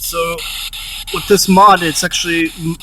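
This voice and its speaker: Man calling out questions, slightly high voice. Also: little pitch movement, a little slow, sharp tone, slight background noise. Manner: calls out questions, then repeats and interprets what he hears. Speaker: paranormal investigator. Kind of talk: casual on-location commentary.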